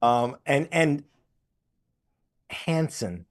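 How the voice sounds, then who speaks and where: Guest voice: easygoing man, mid pitch, rambling storyteller on a video call. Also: extremely slow, background noise. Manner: relaxed anecdotal storyteller, many restarts. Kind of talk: casual interview storytelling.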